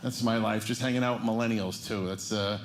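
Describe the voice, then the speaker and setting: A man's voice: on the low side, steady tone, a little fast. A middle-aged man doing a stand-up routine, rambling and poking fun at himself. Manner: rambling, self-mocking storytelling. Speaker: stand-up comedian. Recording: echoey live room with loud background noise.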